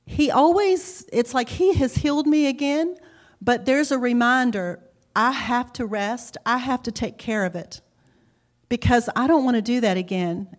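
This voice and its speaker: A middle-aged woman telling her church testimony in a chatty, self-mocking way, laughing often. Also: a little high. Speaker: speaker giving a testimony.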